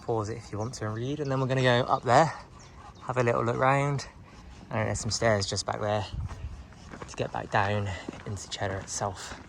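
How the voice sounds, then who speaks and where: A man's voice: mid-range voice, fairly even intonation, moderate pace, vocal fry, a little hiss or hum. A man chatting casually to his camera as he walks, muttering asides to himself. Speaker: vlogger. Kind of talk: casual walking vlog narration. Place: outdoors on a hill walk, with traffic nearby.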